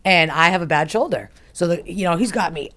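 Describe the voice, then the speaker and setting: Profane, animated woman telling stories. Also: on the low side, a little fast. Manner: animated, profane, laughs often, acts out quotes. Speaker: podcast guest. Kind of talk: casual storytelling.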